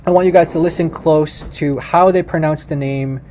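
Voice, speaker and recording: Guy talking to his viewers like a casual lesson, mellow tone, lots of um and restarts. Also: a little high, steady tone, a little hiss or hum. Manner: many fillers and restarts, addresses viewers as you guys; repeats words slowly for the listener. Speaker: presenter teaching about Aramaic. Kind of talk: casual explanatory talk to viewers.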